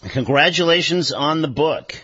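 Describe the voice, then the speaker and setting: A man hosting a radio talk show, measured and full of fillers. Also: on the high side, bright, forceful tone, husky, lo-fi sound. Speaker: radio host.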